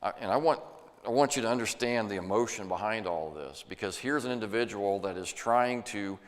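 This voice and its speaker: A man's voice: on the low side, brisk. A man preaching a sermon in an earnest, folksy way, sometimes acting out the voices he quotes. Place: church sanctuary. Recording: long church reverb.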